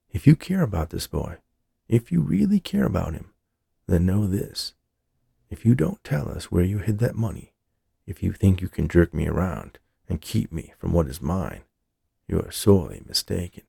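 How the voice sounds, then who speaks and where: A man doing a gravelly crooked cop. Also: expressive, measured pace, warm tone, dry recording, clean studio sound, heavily acted. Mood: menacing. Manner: low gravelly threatening tone. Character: menacing crooked police officer, man.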